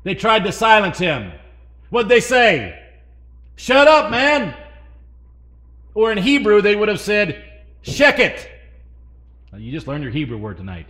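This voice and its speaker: A man preaching a sermon, swinging between loud emphasis and hushed asides and asking the congregation questions. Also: high voice, very animated, a little fast.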